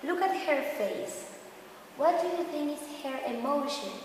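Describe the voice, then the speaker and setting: Slow, lively woman teacher reading aloud. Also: sits high, noisy background. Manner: slow, animated storytelling with sound cues. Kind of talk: reading a story aloud to children. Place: classroom. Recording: echoey classroom with long reverb.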